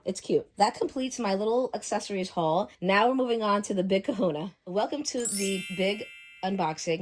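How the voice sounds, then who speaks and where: A woman vlogger chatting casually through an unboxing, gushing and excitable. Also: mid-range voice.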